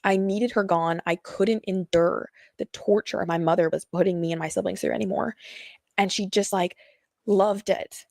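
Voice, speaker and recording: A woman's voice: medium pitch, fairly even intonation, moderate pace, vocal fry, darkish tone, dry recording. A young woman telling a painful personal story to her viewers, rambling and slangy with many fillers, nervous and close to tears. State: nervous, sweating.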